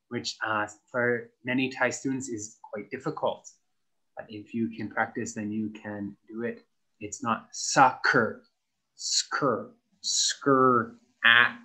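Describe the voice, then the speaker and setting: Slow, patient male English teacher. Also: mid-range voice, fairly bright tone. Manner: spells words out letter by letter and repeats words for practice. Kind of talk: slow, clear classroom instruction.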